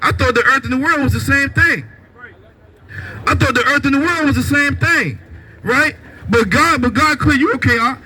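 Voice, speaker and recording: A man's voice: very high-pitched, moderate pace, sharp tone, low-quality recording. A man preaching a street sermon, firing off rhetorical questions and asking "right?" after almost every line.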